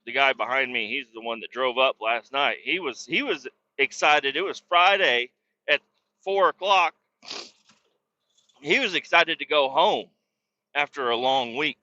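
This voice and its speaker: Profane rambling man, bright tense voice. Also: medium pitch, no echo, muffled recording. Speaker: podcast host. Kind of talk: casual storytelling.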